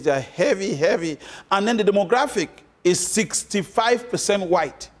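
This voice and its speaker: A middle-aged man from Cameroon answering interview questions as a political guest, emphatic and repeating his points with rhetorical questions. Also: high voice.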